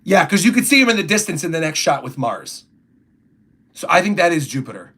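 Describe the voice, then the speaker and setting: A man's voice: a little high, sing-song, brisk, a bit bright, husky. A young man chatting casually on a livestream, rambling through his thoughts and reading viewer comments aloud. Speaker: streamer reacting to a comic chapter.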